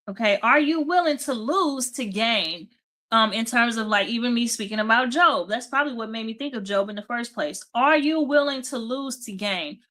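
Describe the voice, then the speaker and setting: Tired, chatty woman with a bright voice. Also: on the high side. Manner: chatty, repeats "okay?" and "right?". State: tired, yawning. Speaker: host of a devotional talk show. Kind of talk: casual devotional talk.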